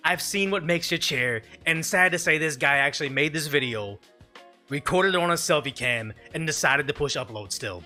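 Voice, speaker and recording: Male streamer, opinionated reaction commentary, a bit high and very forceful, restarts often. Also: lively intonation, normal speed, faint music behind. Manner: emphatic, rambling, restarts mid-sentence. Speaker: live stream host.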